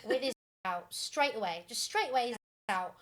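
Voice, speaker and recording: A young woman co-hosting a podcast, retelling listener stories in a casual, animated way with lots of fillers and giggles. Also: a little high, fairly quick. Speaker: podcast co-host.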